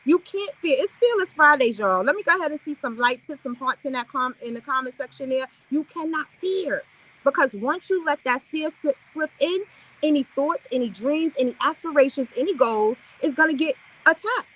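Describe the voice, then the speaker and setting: A woman's voice: high voice, expressive, moderate pace, fairly bright tone, rough recording. A woman hosting a live affirmation stream, giving an upbeat, preachy motivational talk and chatting with her viewers.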